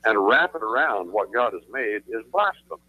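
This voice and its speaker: A man's voice: lowish voice, big pitch swings, moderate pace, no room sound. A man, an attorney guest on a radio talk show, explaining his views in an emphatic, lecturing way and repeating phrases for stress. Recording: tinny phone line, dry.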